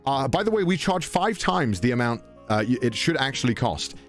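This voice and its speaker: Over soft background music, a young British podcast storyteller recounts a travel anecdote in a very animated voice at normal speed. He swears often, does voices for the people involved, and lets out high-pitched exclamations.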